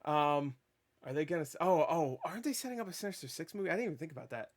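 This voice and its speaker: A man giving a casual spoiler review of a movie, rambling and excitable, swearing freely and stumbling over restarts. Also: fairly high pitch, very fast. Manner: rambling, profane, with stammered restarts; animated and excitable.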